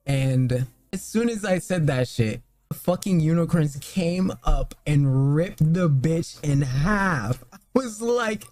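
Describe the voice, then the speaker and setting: A man's voice: high voice, slow. A young man reviewing films in a loose, rambling casual chat, full of fillers and swearing. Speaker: movie reviewer.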